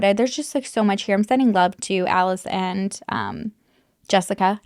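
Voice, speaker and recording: A woman vlogger talks true crime straight to her viewers in a candid, blunt way, swearing freely and leaning on fillers. She is getting over an illness, and her voice sits at an ordinary middle pitch in a dry, close recording. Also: expressive, moderate pace, dry recording. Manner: candid, swears freely, many likes and you knows. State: recovering from illness, on antibiotics. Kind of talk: casual true crime commentary to camera.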